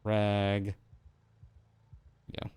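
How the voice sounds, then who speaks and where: A man streaming a video game live, chatting casually and jumping into excited high outbursts. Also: very slow, smooth, dry recording. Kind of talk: live gameplay commentary.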